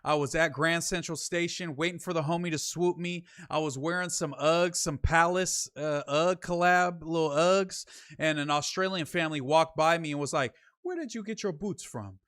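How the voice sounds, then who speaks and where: A man's voice: a little high, fairly even intonation, moderate pace, a bit bright, clear, resonant tone, no room sound, studio quality. Slangy young man reading stream chat. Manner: loose, slangy, reads super chats aloud and answers them. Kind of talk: casual livestream chat.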